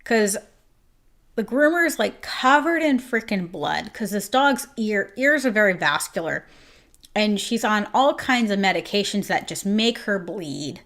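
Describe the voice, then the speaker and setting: A woman who owns a grooming salon and hosts the show tells a story in an emotional, casual way. Her mid-range voice is animated and a bit bright, and her retelling shifts fast and is packed with "like"s.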